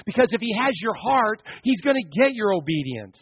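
A man delivers a sermon from the pulpit in a husky, fairly high voice. He swings between raised emphasis and quiet asides. The recording sounds dull and lo-fi, with a dry close sound. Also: sing-song, a little fast, dry recording. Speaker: pastor.

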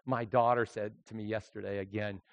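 A male pastor preaching a sermon, moving between quiet, intimate storytelling and loud, shouted exhortation. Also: on the low side, flat delivery, brisk, dry recording.

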